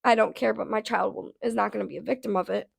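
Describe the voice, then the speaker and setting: Gravelly-voiced woman ranting, blunt and profane. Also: mid-range voice, fairly even intonation, quick pace. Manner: blunt and profane, heavy filler "like". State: voice going hoarse. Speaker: vlogger. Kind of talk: casual storytime rant.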